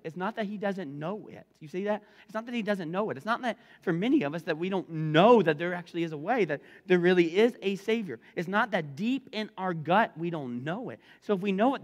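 A male pastor preaching a sermon in an animated way, repeating phrases for emphasis. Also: high voice, brisk, few pauses, in a large hall.

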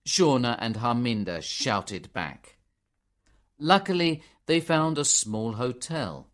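Slow, expressive male story narrator. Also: mid-range voice. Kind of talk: graded reader audiobook narration.

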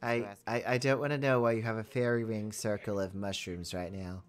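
A woman chatting casually while playing a video game, playful and excitable, with a lingering cold. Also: a bass voice, fairly quick, faint music behind. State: has a cold. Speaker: video game player and channel host. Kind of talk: casual gameplay chat.

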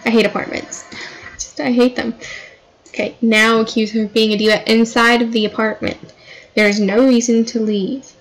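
A woman's voice: on the high side, little pitch movement, low-quality recording. Chatty young-sounding woman narrating gameplay. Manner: chatty, dramatic, puts on quick voices for her characters. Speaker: gameplay commentator. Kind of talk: casual gameplay commentary.

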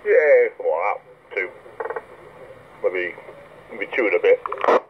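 Man, low-pitched, joking CB radio banter heard through a thin radio line. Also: animated, slow. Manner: jokey, laughing, teasing. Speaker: CB radio operator recording the chat. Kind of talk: casual CB radio chat. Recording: tinny radio transmission with faint hiss.

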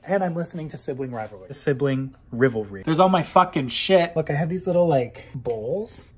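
Husky-voiced young man vlogging at home. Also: mid-range voice, a little fast, hardly any pauses. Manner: chatty, animated swings from mumbling to squeals. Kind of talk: casual self-filmed vlog. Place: small apartment indoors.

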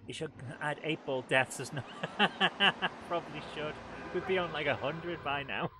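Speaking at a measured pace in a voice on the high side, this man gives live let's-play commentary, talking to viewers in a relaxed, self-deprecating way. Noisy game sounds, including engine and vehicle noise, sit under his voice.

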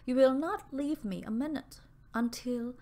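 A woman reading the part of an anxious, pale young woman who pleads in a halting, breathless way, repeating her words. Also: mid-range voice, very animated. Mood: fearful, pleading.

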